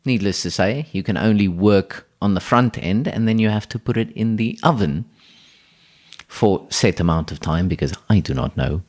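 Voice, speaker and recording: A man's voice: lowish voice, normal speed, darkish tone. A man, co-hosting a podcast and telling an improvised story in a rambling way, often restarting his sentences. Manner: rambling, restarts, frequent laughter.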